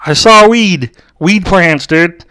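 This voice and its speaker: A man's voice: high voice, slow, pushed and bright, clear, resonant tone, no echo. A young man rambling through a comic story and calling everyone dude. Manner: rambling, says "dude" a lot. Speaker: co-host. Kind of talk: comedic storytelling.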